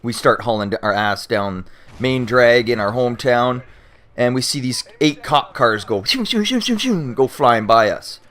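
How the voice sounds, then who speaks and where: A young Canadian man with a mid-range voice tells a story in a loose, casual way. He is animated and swears freely, often stumbling and restarting his sentences. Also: mid-range voice, a little slow. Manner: animated, acts out shouting cops and panicked friends. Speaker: YouTuber answering viewer questions.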